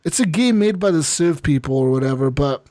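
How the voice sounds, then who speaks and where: A man co-hosting a gaming podcast, telling stories in a casual, profane, animated way with lots of restarts. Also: on the high side, brisk, no room sound, studio quality. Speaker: podcast co-host. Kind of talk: casual chat.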